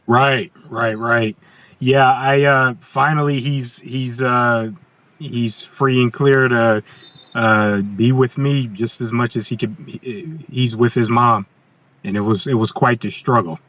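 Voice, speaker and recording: Halting male podcast guest, dry audio. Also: mid-range voice, steady tone, fairly bright tone, no room sound, lo-fi sound. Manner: halting, with frequent restarts and repeated words. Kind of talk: conversational storytelling.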